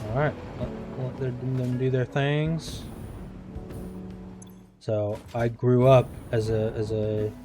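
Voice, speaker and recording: A man chats loosely as he plays through a game on stream, his sentences wandering and doubling back on themselves. His voice sits in an ordinary middle pitch and carries a plain American sound. Music plays clearly behind him the whole time. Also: steady tone, slow pace, pauses often. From United States. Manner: rambling, self-correcting, chatty asides. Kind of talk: casual commentary over gameplay. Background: music in the background.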